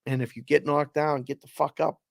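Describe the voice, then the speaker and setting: A man's voice: on the high side, flat delivery, brisk, gravelly, no room sound, clean studio sound. A man co-hosting a casual podcast, talking reflectively and emotionally, often trailing off. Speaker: co-host.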